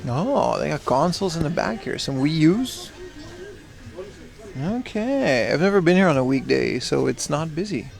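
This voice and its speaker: Pitched on the high side, his voice swings widely and carries some vocal fry at a moderate pace. He's a chatty livestreamer browsing a retro game store, reading chat aloud in a casual IRL stream, with faint music in the background.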